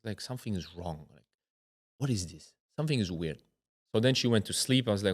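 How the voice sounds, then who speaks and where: A man's voice: on the low side, animated, fast. A man from Germany, a former footballer, tells a personal story as an interview guest. He acts out other people's voices and drops to a near whisper at the tense moments. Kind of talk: candid storytelling in a sit-down interview.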